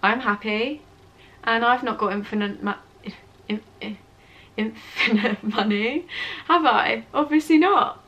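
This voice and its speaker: A woman's voice: on the high side, unhurried, a bit bright, dull audio. Chatty young British woman vlogger. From England. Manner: chatty, self-mocking, rambling. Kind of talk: casual Q&A chat. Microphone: camera on tripod with ring light.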